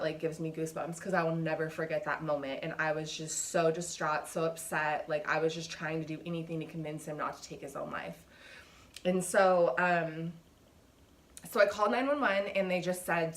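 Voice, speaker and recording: Woman, 30s, lowish voice, candid personal vlog retelling, emotional and casual. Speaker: vlogger.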